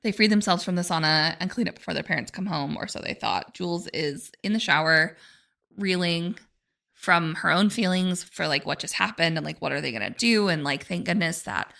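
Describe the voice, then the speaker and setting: A woman's voice: lowish voice, brisk, vocal fry, bright, forceful tone. A woman hosting a book club podcast, recapping a novel in a chatty way and using lots of filler words. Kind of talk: casual chat, recapping a novel.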